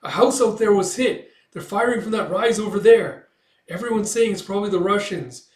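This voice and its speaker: A man's voice: high-pitched, normal speed, a little mellow, recorded from a distance, pitched above the performer's own voice, close to an everyday voice. A man doing an alarmed young husband. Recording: roomy echo.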